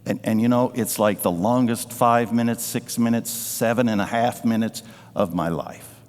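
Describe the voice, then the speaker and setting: A man preaching a sermon as pastor, telling a personal story with emotion and sometimes dropping to a hush. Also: mid-range voice, normal speed. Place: church sanctuary. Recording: live church sound with long reverb. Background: band playing softly.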